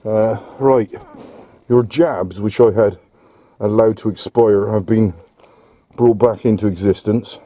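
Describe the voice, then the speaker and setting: A man's voice: lowish voice, fairly even intonation, slow, long pauses, mellow. A man with a British accent chatting casually outdoors, muttering to himself and his dog. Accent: British English. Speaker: vlogger. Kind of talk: casual vlog talk.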